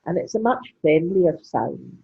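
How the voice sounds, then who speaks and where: Older english lady with a posh accent, super husky, kinda muffled lo-fi sound. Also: on the low side, very animated, unhurried. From England. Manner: crisp precise diction, frank and salty. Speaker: interviewee. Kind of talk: conversational interview.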